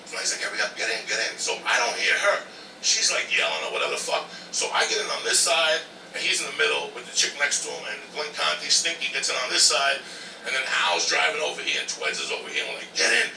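A man's voice: mid-range voice, huge pitch swings, fast talker, gravelly, pushed and bright, a little hiss or hum. A man, a comedian telling a profane story with bursts of laughter. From New Jersey. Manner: boisterous, swears constantly, laughs while telling. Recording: roomy clip played back from a distance with music.

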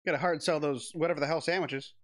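A man's voice: fairly high pitch, expressive, moderate pace. A man streaming a text adventure game, reading the game text aloud with giggles, swearing and restarts. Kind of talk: casual let's-play commentary, reading game text aloud.

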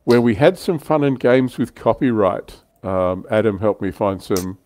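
A man's voice: lowish voice, steady tone, unhurried, darkish tone, no room sound. An older man hosting a casual livestream chat, chatty and self-deprecating, laughing often. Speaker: livestream host.

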